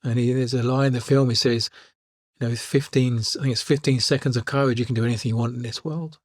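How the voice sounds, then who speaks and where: A man who coaches people speaks in a calm, reflective way and comes back to his main points. His voice has a slightly husky grain at a middle pitch. The recording is close and dry, with no room sound. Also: quick pace, no room sound. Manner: calm storytelling, repeats key lines. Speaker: life coach. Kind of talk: reflective podcast monologue.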